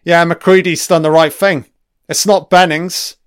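Slow, profane man doing film commentary. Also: a little high, flat delivery, smooth, no room sound, studio quality. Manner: profane, enthusiastic, frequent swearing; rambling with trailing-off asides. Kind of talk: casual audio film commentary.

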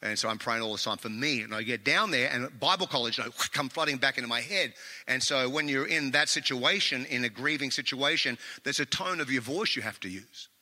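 A male pastor delivering a sermon with personal stories, an animated and self-mocking storyteller. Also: mid-range voice, a little fast, long reverb tail. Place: church sanctuary.

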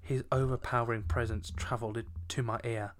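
A woman's voice: extremely low pitch, little pitch movement, a little fast. A woman co-hosting a casual chat, giggling and using lots of fillers as she reads fan fiction aloud. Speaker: podcast co-host.

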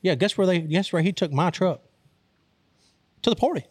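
A man's voice: high-pitched, moderate pace, husky, no echo. A young man from Arkansas telling a wild story in casual talk, profane and laughing as he goes. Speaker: storyteller host.

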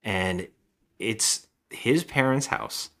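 A man with a fairly low voice co-hosting a podcast, recapping a trashy movie in a loose, rambling way. He slips into quick impressions of the characters as he goes. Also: lively intonation, sharp tone. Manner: rambling, acts out lines in voices. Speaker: podcast co-host. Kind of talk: casual movie recap chat.

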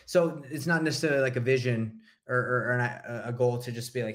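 A man hosts a podcast interview in a loose, casual way. He stumbles and restarts often, dropping in "man" and "dude". His voice sits at an ordinary middle pitch. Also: fairly even intonation, brisk. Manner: laid-back, stumbling, says dude and man. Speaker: podcast host.

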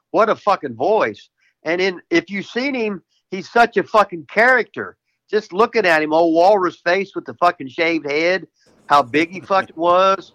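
A man's voice: high-pitched, pushed and bright. An older American man, a retired wrestler, telling rowdy stories as a guest, swearing constantly and laughing mid-sentence. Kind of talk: profane casual storytelling.

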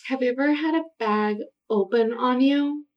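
A woman's voice: sits high, moderate pace, lo-fi sound. Playful, chatty young woman guest. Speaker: podcast guest, flight attendant. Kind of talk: casual podcast chat.

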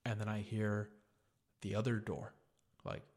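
A man's voice: on the low side, fairly even intonation, moderate pace. A young man hosting a podcast, telling a story in a casual, profane way and saying "dude" a lot. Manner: profane, laid-back, says "dude" a lot. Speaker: podcast host.

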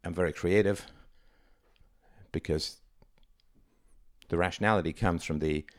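A man's voice: low-pitched, unhurried, dry recording, clean studio sound. A middle-aged man, hosting his own show, talking through ideas in a reflective, conversational and sometimes emphatic way. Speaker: podcast host. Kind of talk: solo monologue.

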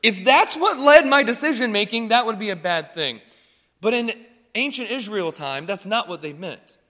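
Young pastor, man, bright and a bit high, casual joking sermon, church hall echo. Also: expressive, normal speed. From North Carolina. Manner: chatty, joking, asks "right?" often.

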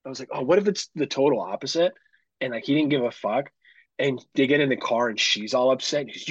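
Man, casual podcast chat, husky, dry close sound, dull lo-fi, swearing storyteller. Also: medium pitch, quick pace, no room sound. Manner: swearing, animated retelling. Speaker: podcast co-host.

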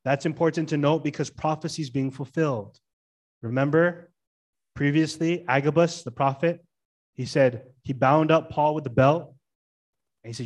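A middle-aged man preaches to his church with lively emphasis. His voice sits a touch higher than most men's, and he keeps asking the congregation questions. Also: a little slow. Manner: lively, asks the church questions, stresses words. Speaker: pastor. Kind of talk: sermon.

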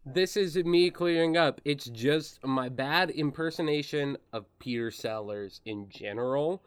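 A man's voice: a little high, measured pace, clean tone. A man narrating as game master, rambling and self-mocking, with lots of fillers.

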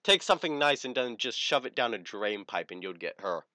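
A man's voice: medium pitch, very animated, fairly quick, pushed and bright, no echo. A teenage man, telling a crude story in casual podcast chat. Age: teens. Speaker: podcast co-host.

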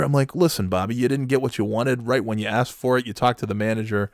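A man's voice: mid-range voice, fairly even intonation, fast, hardly any pauses, no room sound, studio quality. A man telling a casual comic anecdote, profane and exasperated. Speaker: storyteller.

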